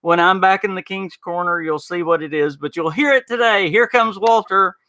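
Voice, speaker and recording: A man's voice: high voice, normal speed, sharp tone, no room sound. A man with a Southern US accent hosting a casual podcast, chatting folksily with his audience and peppering his talk with y'all. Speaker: podcast host. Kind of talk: casual podcast chat reading live chat.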